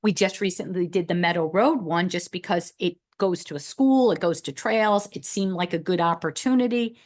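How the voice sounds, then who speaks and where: A woman's voice: on the low side, moderate pace. A woman speaking at a town committee meeting, thinking aloud in long, looping sentences with restarts. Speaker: committee member. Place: meeting room.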